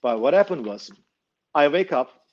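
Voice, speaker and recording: A knife maker telling a story casually, blunt and swearing freely. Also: male voice, on the high side, lively intonation, moderate pace, dull audio.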